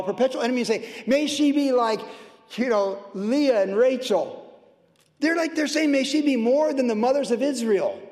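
In a church sanctuary, a pastor delivers an impassioned sermon with a high-pitched voice that swings from fiery outbursts to hushed, gentle asides. His words echo with a long, resonant church reverb.

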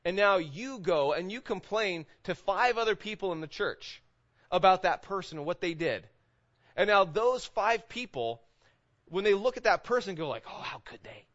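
A man's voice: high-pitched, animated, moderate pace, a bit bright, lo-fi sound. A man preaching a sermon to his congregation in a casual, conversational way, often asking "right?". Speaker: pastor. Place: church sanctuary with congregation.

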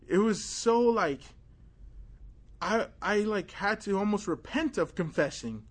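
A young man gives a loose, conversational sermon with a somewhat raised voice. He is animated, full of fillers, and acts out moments of his story with sudden exclamations. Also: high voice, takes it slowly, long pauses, husky. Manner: casual and animated, many fillers, tells story with acted exclamations. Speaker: preacher. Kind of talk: informal sermon with personal story.

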